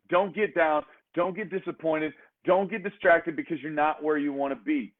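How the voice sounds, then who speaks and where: A man giving an energetic motivational talk as a fitness coach, speaking in emphatic, repeated exhortations. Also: fairly high pitch. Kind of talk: motivational speech. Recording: tinny phone-like sound.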